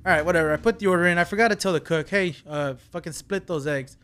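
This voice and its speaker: Late-twenties male host, animated storyteller, loose and profane, slightly high-pitched. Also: fast talker, clean tone. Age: late 20s. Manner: animated storyteller, swears freely. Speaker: podcast host. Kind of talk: casual podcast chat.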